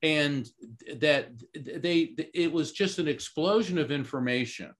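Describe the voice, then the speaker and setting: A man's voice: on the high side, measured pace. A middle-aged man, a guest speaker, explaining in casual talk with lots of fillers and restarts. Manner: rambling, many fillers and restarts.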